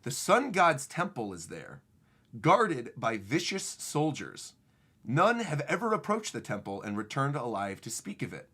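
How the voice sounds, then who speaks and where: Mysterious male messenger read by a man, slow ominous warnings, bright voice, slightly husky. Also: mid-range voice, huge pitch swings, heavily acted. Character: boastful male bug-riding messenger, mysterious.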